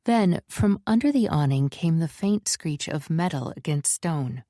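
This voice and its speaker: Woman audiobook narrator: low, slow, measured, dry studio read. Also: animated, dark tone, no echo. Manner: measured, descriptive reading. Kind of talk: scripted narration.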